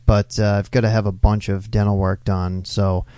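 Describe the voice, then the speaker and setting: Casual podcaster, man, lowish dark voice, relaxed rambling storyteller. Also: moderate pace, no echo. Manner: laid-back storytelling, swears often. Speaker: podcast co-host. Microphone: close studio mic.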